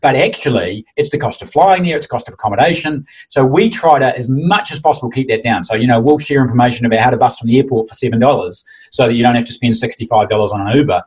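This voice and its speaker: Man, quick speaker, husky voice, convention organizer, lively casual chat. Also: mid-range voice, poor audio. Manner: enthusiastic, animated storytelling with mimicked quotes.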